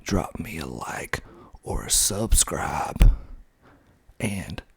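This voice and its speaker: A man from Georgia with a Southern accent, whispering slowly and softly into a close mic in an ASMR video, with fillers along the way. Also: very deep voice, lively intonation, gravelly, breathy edge, no echo. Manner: slow, soft-spoken whispering with fillers. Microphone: close mic, pops on plosives.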